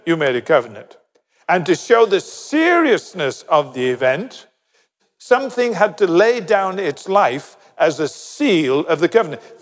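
An older man preaching a sermon, with animated, storytelling delivery and quick asides. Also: fairly high pitch. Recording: long hall reverb.

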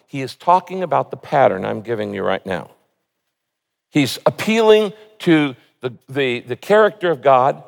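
A man's voice: medium pitch, lively intonation, normal speed, creaky. A man preaching a sermon, earnestly reading scripture and pleading prayers aloud with rising emphasis. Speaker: pastor. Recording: long hall reverb.

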